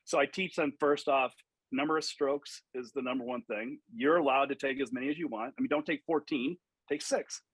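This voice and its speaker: Animated, husky-voiced golf coach. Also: male voice, mid-range voice, a little fast, no echo, poor audio. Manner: animated storyteller, acts out quotes, swears freely. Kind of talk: podcast interview.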